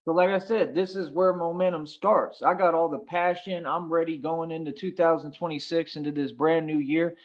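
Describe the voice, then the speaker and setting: A man's voice: on the high side, steady tone, normal speed, hardly any pauses, dull audio. A man from the United States hosting a casual livestream monologue, boastful and swaggering, looping back with "like I said" over and over. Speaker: livestream host.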